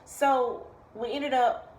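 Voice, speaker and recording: A woman's voice: sits high, slow. A young woman, casually telling a personal story in a vlog and acting out what others said. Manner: animated, acts out quoted voices. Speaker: vlogger. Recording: echoey room, faint background noise.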